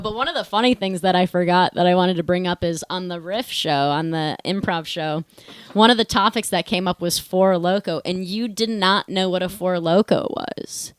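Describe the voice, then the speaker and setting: A woman's voice: mid-range voice, a bit bright, smooth, no room sound. Agreeable woman podcast co-host. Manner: agreeable, many quick yeahs. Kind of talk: casual podcast interview.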